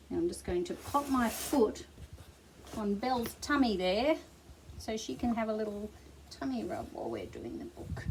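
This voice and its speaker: A middle-aged Australian woman leading a toddler storytime with a gentle, sing-song, encouraging delivery. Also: medium pitch, slightly rough, rough recording. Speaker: children's librarian. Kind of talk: toddler storytime reading and songs.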